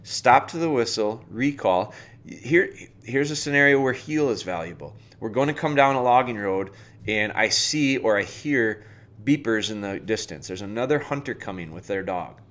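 A man's voice: on the low side, animated, moderate pace, a bit bright. A man hosting a dog training podcast, giving casual, plainspoken advice and talking the listener through everyday scenarios.

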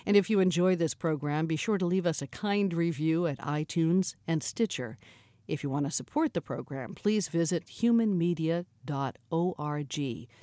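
Higher-voiced man reading a podcast promo. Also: moderate pace, warm tone, dry recording, studio quality. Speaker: program announcer.

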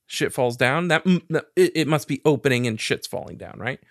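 A man's voice: fairly high pitch, expressive, brisk, hardly any pauses, fairly bright tone, dry recording, studio quality. A man telling a long story in casual, profane chat, laughing as he goes.

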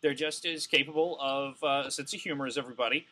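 Bright-voiced man ranting on a podcast. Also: medium pitch, fairly even intonation, fast talker. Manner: profane, heated, full of fillers. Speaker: podcast co-host. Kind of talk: casual comedic rant.

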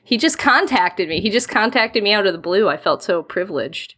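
A woman co-hosting a game podcast in casual chat, playful and quick to laugh. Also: mid-range voice, expressive, pushed and bright. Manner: giggly, playful. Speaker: podcast co-host.

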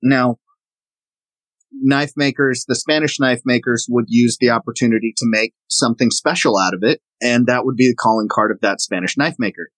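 A man's voice: mid-range voice, normal speed, fairly bright tone, no room sound, poor audio. A man from the American South, a knife maker guest, explaining and showing his work in a casual interview. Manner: explanatory, demonstrating objects as he talks.

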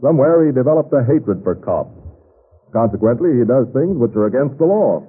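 An actor playing a firm but patient police captain who speaks with measured, soothing authority, in 1930s radio drama style. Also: male voice, mid-range voice, expressive, breathy edge, narrow, tinny audio. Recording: scratchy 1930s radio transcription.

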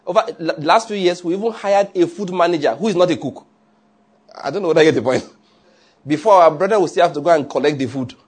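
A man preaching a sermon in an animated way, often checking with his listeners. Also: a little high, fast, breathy edge. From Nigeria. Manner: animated, asks the audience often.

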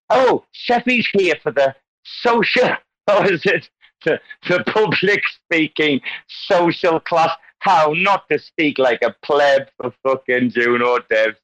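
A man's voice: mid-range voice, bright, forceful tone, low-quality recording. A man hosting an online community call, talking casually and animatedly as he wanders into tangents and lectures about word stress. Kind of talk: casual group call chat.

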